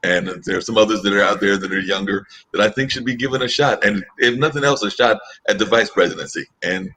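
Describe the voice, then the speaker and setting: Man on a political talk panel with a very deep voice, thoughtful and hesitant. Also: quick pace, pushed and bright, a little hiss or hum. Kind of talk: casual political chat.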